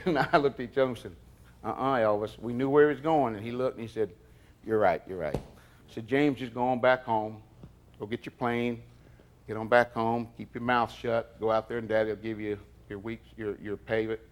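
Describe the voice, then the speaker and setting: A man telling an old story in an interview, acting out what others said with sudden loud bursts. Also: lowish voice, steady tone, normal speed. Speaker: interviewee, former bodyguard. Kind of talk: storytelling anecdote.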